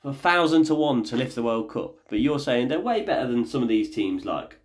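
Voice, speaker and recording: A man in the dad role hosting a relaxed family podcast, with an easy, mid-pitched voice. He talks in a chatty, jokey way and keeps the talk going by asking questions. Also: brisk. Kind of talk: casual family podcast chat.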